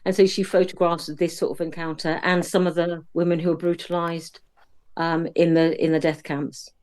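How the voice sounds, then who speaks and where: A woman giving a thoughtful, measured film summary in a casual podcast chat over a video call. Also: on the low side, little pitch movement, darkish tone. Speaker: podcast co-host.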